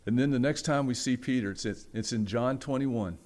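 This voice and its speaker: A male pastor delivering a sermon as a vivid story. He climbs to loud, raised peaks, then drops to quiet, near-hushed passages, and he acts out the quoted voices along the way. His voice sits at a middle pitch. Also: a little fast. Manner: dramatic storytelling, swinging from loud and high to hushed.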